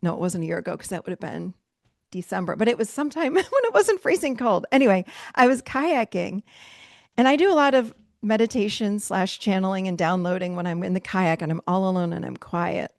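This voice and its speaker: A middle-aged woman coaching a virtual mastermind group, emphatic and animated, laughing often as she teaches over a video call. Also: medium pitch, brisk, no echo, clean studio sound. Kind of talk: live motivational teaching.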